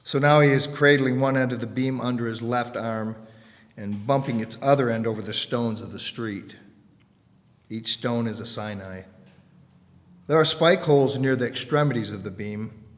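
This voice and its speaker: A man's voice: medium pitch, normal speed. A man reading a dramatic scripted narration aloud in a church, earnest, with small slips. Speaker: reader. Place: church sanctuary. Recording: reverberant church hall.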